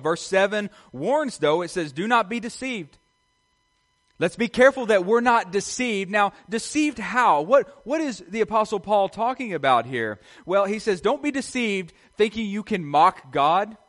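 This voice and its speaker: A middle-aged man preaching a sermon in an earnest, repetitive way. His voice sits a little higher than most men's, and he keeps checking in with the congregation through rhetorical questions. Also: fairly bright tone. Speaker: pastor.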